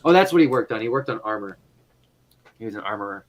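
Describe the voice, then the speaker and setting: A man's voice: lowish voice, animated, quick pace, poor audio. A man narrating a tabletop role-playing game as game master, rambling through fillers and restarts and laughing often.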